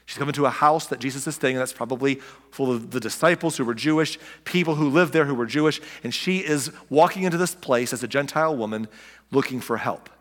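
A man's voice: mid-range voice, fast talker, a bit bright, big-room sound. A man preaching a sermon as a pastor, talking in a conversational way, asking the listeners rhetorical questions and speaking to them directly.

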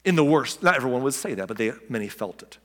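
A man's voice: mid-range voice, animated, fast talker, a bit bright, long reverb tail. A man preaching a sermon as a pastor, talking in a conversational way, asking the listeners rhetorical questions and speaking to them directly.

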